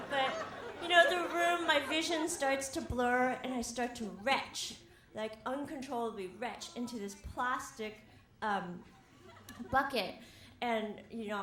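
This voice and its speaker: A woman's voice: fairly high pitch, noisy background. A young woman telling a wry, self-mocking personal story live on stage, often laughing as she talks. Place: theater stage before an audience. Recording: roomy live hall with faint ambience.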